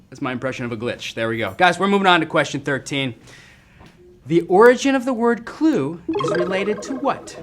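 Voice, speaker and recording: Excitable joking male trivia host. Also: high-pitched, a little hiss or hum. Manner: excitable, jokey, quick banter. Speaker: game show host. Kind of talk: live trivia game hosting.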